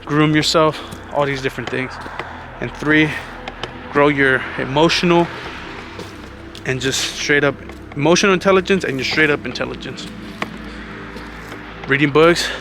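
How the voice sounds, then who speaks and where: A man talks through life advice in a relaxed, earnest vlog manner, slightly winded. His voice has a gravelly edge at an ordinary pitch. Clear music plays under him throughout. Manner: earnest, conversational, says "man" often. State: slightly out of breath. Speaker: vlogger. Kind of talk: casual motivational talk.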